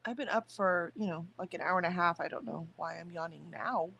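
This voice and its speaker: A woman's voice: fairly low pitch, a little fast, vocal fry, fairly bright tone, breathy edge. A woman chatting casually on a livestream, rambling about her morning and talking to her viewers. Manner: chatty, rambling, talks to chat and her dog. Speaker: livestream host.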